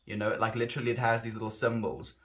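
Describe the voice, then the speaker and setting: A man's voice: medium pitch, completely flat delivery, fast, fairly bright tone. A man from South Africa with a South African accent, chatting casually with his stream viewers in a rambling, reflective way that often corrects itself mid-sentence. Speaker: livestreamer.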